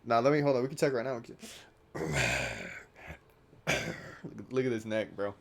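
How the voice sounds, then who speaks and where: A young man in his late teens vlogs casually as a YouTuber, rambling and cracking jokes at his own expense. His voice is medium-pitched and rapid-fire, with a little hiss or hum in the recording.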